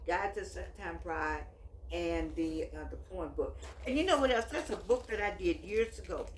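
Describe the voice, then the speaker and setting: A woman's voice: on the low side, normal speed. A woman in her eighties talking in a casual, rambling monologue, emphatic and full of restarts as she reflects. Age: 80s. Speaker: author and vlogger. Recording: echoey room with faint background noise.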